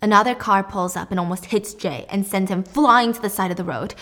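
A woman casually recapping a drama, expressive and animated, laughing often. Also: medium pitch, brisk.

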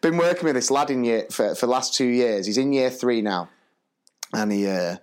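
A man co-hosting a podcast, telling stories in a chatty, slangy, animated way. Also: medium pitch, moderate pace. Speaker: podcast co-host and primary school teacher. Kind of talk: casual storytelling chat.

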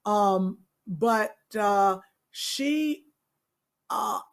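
Woman co-host, relaxed, conversational, supportive. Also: mid-range voice, drawn-out words. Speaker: podcast co-host. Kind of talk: casual chat.

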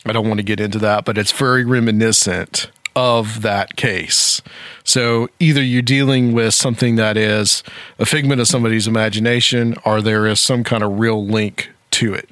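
A man's voice: fairly low pitch, fairly even intonation, normal speed, a bit bright, no echo, clean studio sound. A man hosting a talk show, speaking casually and rambling with frequent fillers. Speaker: podcast host.

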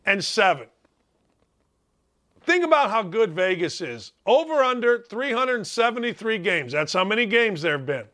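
A middle-aged man riffing as a sports talk host with a high, bright, ringing voice. He talks in animated, sarcastic bursts, jumping from shouted disbelief to low mutters. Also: normal speed. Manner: animated, sarcastic, swings between loud outbursts and asides. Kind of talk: opinionated sports radio talk.

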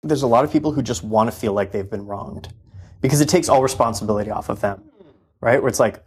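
An earnest man with a husky, mid-pitched voice, chatting as a podcast guest. He talks fast and reflectively, working through his thoughts with plenty of fillers. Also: a little mellow. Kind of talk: casual conversation.

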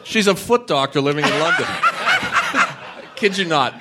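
Comedy podcast co-host, raised pitch, lively intonation, steers the talk with dry asides, noisy club mic. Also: male voice, measured pace. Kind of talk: live comedy podcast banter. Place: comedy club stage before a live audience. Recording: noisy live club recording.

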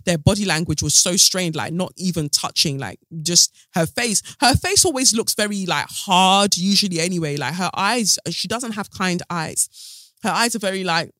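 A chatty man with a fairly high voice runs his podcast like a gossip session. He is sassy and full of sarcastic asides. The sound is dry, with no room around it. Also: lively intonation, normal speed, pushed and bright, no room sound. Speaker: podcast host. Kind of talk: casual gossip commentary.

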